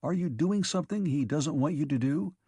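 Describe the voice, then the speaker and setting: A man's voice: on the high side, brisk, mellow, breathy edge, dry recording, studio quality. A man reading a blunt, probing male officer questioning a robot.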